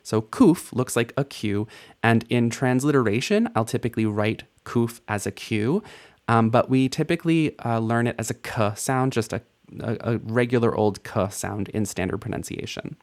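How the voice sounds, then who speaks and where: A man recording a language lesson at a steady middle pitch. He sounds out each letter and vowel slowly and repeats words so learners can follow. His delivery is patient, with a playful edge. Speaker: Hebrew teacher.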